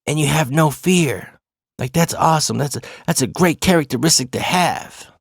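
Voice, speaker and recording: A blunt male basketball coach pushes his point hard and swears as he lectures, as a man retells him. His voice rides higher than the teller's own, with a gravelly edge. It sits dry and close. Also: moderate pace, dry recording. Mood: earnest. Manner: insistent, coaxing, swearing at times.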